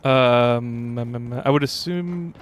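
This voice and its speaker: Slow and smooth, with a voice in the middle range, a young adult man talks casually over a game stream. He reads chat aloud and rambles, full of fillers and restarts.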